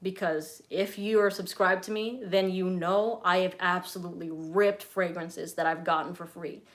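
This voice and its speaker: A woman's voice: fairly low pitch, steady tone, moderate pace. A young woman from Southern California answering viewer questions in a casual live stream, chatty and blunt, swearing freely. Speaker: fragrance reviewer and streamer.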